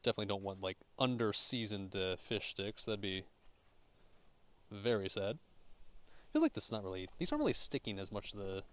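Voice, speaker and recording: A young American man casually chatting and cooking at an outdoor campground, joking, swearing loosely and thanking his chat. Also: lowish voice. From United States. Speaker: streamer.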